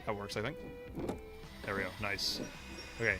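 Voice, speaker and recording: A man's voice: fairly low pitch, little pitch movement, moderate pace. A male streamer giving casual live gameplay commentary, muttering to himself in a self-mocking, frustrated way. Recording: game music behind.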